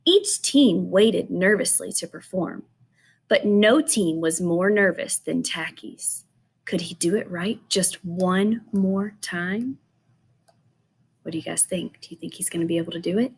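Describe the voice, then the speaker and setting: A woman who teaches, reading a picture book aloud to children and gently asking them questions about it. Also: lowish voice, a little slow, vocal fry, slightly rough.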